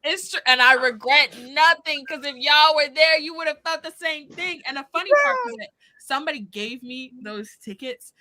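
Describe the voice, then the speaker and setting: A woman's voice: sits high, expressive, normal speed, bright, forceful tone. A woman co-hosting a charity stream, chatting casually in a dry, matter-of-fact way with plenty of fillers. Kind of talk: casual storytelling chat. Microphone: streaming setup, video call.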